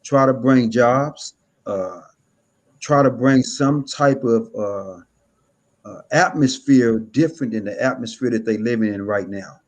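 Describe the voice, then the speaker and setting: A man's voice: medium pitch, measured pace. Hesitant man guest from California. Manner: hesitant, many "uh" fillers, earnest.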